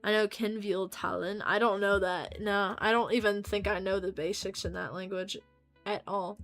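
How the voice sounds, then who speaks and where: A woman's voice: mid-range voice, steady tone, moderate pace, fairly bright tone, faint music behind. Rambling, foul-mouthed American streamer woman. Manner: rambling, jokey, swears freely. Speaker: livestreamer. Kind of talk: casual livestream chat.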